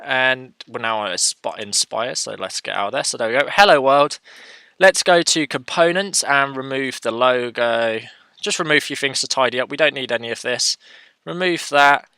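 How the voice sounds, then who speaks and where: A man's voice: medium pitch, normal speed, bright, forceful tone, clean tone, no echo. A man hosting a casual coding tutorial, talking through his screen as he works and correcting himself as he goes. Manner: thinks aloud, self-correcting, chatty.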